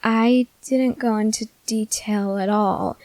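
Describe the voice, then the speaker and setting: A woman's voice: on the high side, steady tone, slow pace, darkish tone, no echo. A woman voicing a food-obsessed teenage soldier girl in an ASMR audio drama, whiny and melodramatic. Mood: chatty. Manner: whiny, melodramatic, easily sidetracked.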